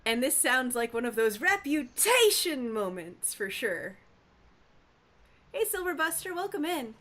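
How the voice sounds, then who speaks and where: Woman streamer, higher voice, casual live chat, animated and playful with viewers. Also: a little slow.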